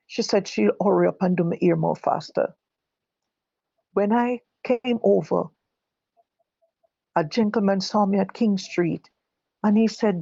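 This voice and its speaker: An older Jamaican woman giving personal testimony, halting and correcting herself as she recalls what others said. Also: medium pitch, vocal fry, a little mellow, husky, no echo, dull audio. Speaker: guest telling her own story. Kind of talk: personal testimony told live.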